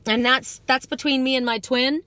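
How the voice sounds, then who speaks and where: A woman's voice: high voice, steady tone, moderate pace, sharp tone, no room sound. A woman giving a live psychic card reading to her viewers outdoors at dusk, talking in an earnest, rambling, spiritual way.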